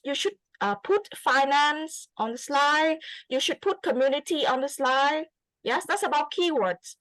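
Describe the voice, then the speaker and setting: A woman's voice: high-pitched, no room sound, low-quality recording. A woman with a Vietnamese accent giving an English student spoken feedback, encouraging and repeating her phrases with many fillers.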